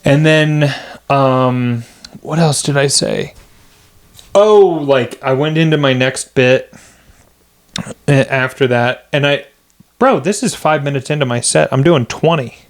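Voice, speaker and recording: A man's voice: medium pitch, slow, long pauses. A male comedian on a podcast, telling a story in a crude, rambling way and laughing often. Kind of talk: casual chat, storytelling.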